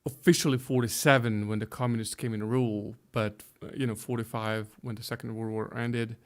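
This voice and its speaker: A Hungarian pastor in his fifties, speaking with a Hungarian accent, is a guest in a conversational interview. He speaks carefully and often restarts while searching for English words, in a medium-pitched, flat voice that moves fairly quickly.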